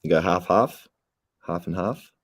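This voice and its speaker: Very deep-voiced stoned Australian man. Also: a little slow. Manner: rambling, heavy swearing, laid-back. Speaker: streamer. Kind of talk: casual livestream chat.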